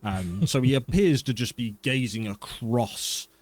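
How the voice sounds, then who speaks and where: A man's voice: medium pitch, lively intonation, a little slow, a little mellow. A man narrating a tabletop fantasy game as its game master.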